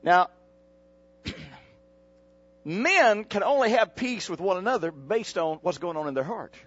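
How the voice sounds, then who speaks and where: A man's voice: takes it slowly, muffled recording. A male pastor delivering a folksy sermon, calling on the congregation to repeat his words and jumping up into sudden exclamations. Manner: preaching with call-and-response to the congregation; folksy, animated, with sudden pitch jumps.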